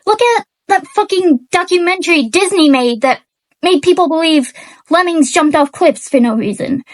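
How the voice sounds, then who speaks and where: A woman's voice: very high-pitched, lively intonation. A woman ranting in an unscripted vlog, angry and near tears, stammering and restarting her sentences, recorded on poor audio with an unplugged mic. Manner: angry, halting, stammering rant. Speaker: book reviewer.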